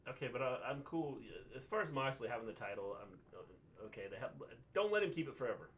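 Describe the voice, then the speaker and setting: A man co-hosting a livestream recap, speaking haltingly with many fillers and reading out viewer comments. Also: mid-range voice, animated, fairly bright tone, lo-fi sound. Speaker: wrestling show co-host. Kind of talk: casual livestream recap chat.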